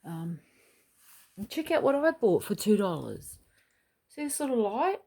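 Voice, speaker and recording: A woman's voice: medium pitch, very animated, unhurried, dark tone, breathy edge. A middle-aged woman, chatting and rambling at home in a casual vlog, swearing now and then. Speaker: vlogger. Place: small home unit, kitchen.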